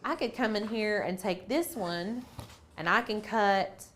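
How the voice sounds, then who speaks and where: A woman's voice: mid-range voice, unhurried, a bit bright, slight background noise. Chatty woman teaching a craft tutorial. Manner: chatty, playful, thinks aloud. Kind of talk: casual screen-share tutorial.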